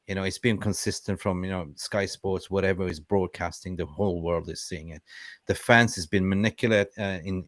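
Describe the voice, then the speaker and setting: A man's voice: sits low, a bit bright, dry recording, studio quality. A man hosting a casual call-in show, rambling with many fillers and restarts over a video call. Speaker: host.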